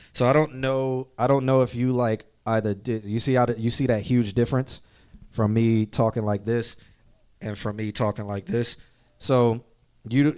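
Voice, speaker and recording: A man's voice: mid-range voice, darkish tone, smooth. Casual male music-stream host. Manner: conversational, thinking aloud, trails off. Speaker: host reviewing music submissions. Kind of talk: casual live-stream chat.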